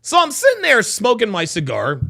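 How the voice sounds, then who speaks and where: A man hosting a casual livestream, reading chat and telling profane, animated stories. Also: sits high, normal speed, creaky.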